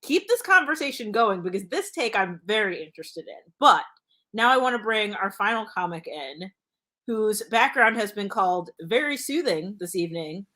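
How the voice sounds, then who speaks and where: A woman's voice: mid-range voice, animated, normal speed, pushed and bright. A woman hosting a live comedy show, upbeat and encouraging toward the comics. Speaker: host.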